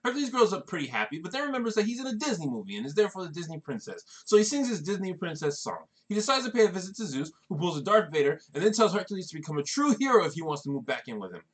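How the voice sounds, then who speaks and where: Fast husky man recapping a movie for laughs. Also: high voice. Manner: deadpan, wisecracking. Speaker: comedy narrator.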